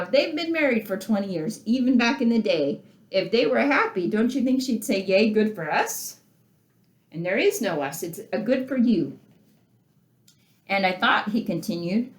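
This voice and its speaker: Brief: woman lecturer, lively pitch, questioning tone, roomy echo. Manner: animated, talks to listeners with questions, reads passages aloud. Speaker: literature teacher. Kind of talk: lecture reading and discussing a story.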